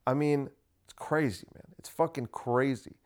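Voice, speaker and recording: A man's voice: medium pitch, fairly even intonation, a little slow, a little mellow. A man hosting a casual solo podcast, ranting sarcastically and swearing freely. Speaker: podcast host.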